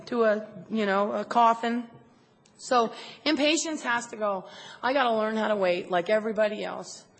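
Woman, recovery meeting talk, candid, emphatic, self-mocking, higher voice, long hall reverb. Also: fairly bright tone. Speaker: speaker sharing at a recovery meeting.

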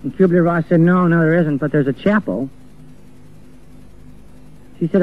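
A man's voice: on the high side, normal speed, long pauses. A man preaching an earnest sermon, acting out the voices of the people he quotes. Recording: tinny phone-like old recording with faint music.

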